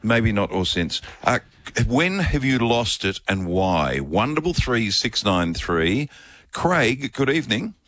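A man hosting a talkback radio show, telling a story in a rambling, halting way with many fillers. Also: on the low side, very animated, a bit bright, no echo. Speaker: radio host. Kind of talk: casual talkback radio chat.

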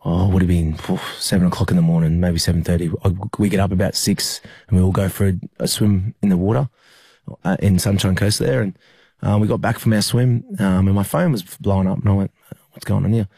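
Deep, husky Australian man. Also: fairly even intonation, mellow, no echo. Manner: halting and earnest, with many fillers and restarts. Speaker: rugby league player. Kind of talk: interview storytelling.

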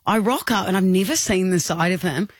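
A woman's voice: on the low side, a little fast, husky, no echo, studio quality. A woman with an Australian accent co-hosting a drive-time radio show, telling a funny story and acting out voices. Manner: animated anecdote, acting out kids' voices with laughs. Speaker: radio co-host.

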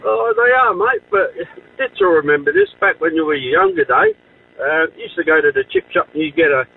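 Excitable Australian male caller, gravelly husky voice that leaps up high, phone-line sound. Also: normal speed. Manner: nostalgic, excitable. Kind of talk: phone-in chat.

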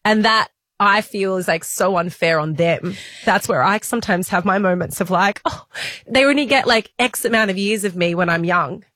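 A woman's voice: mid-range voice, normal speed, no room sound. Reflective woman around forty, near tears. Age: 40s. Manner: warm-hearted, tearful, reflective. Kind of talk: casual chat.

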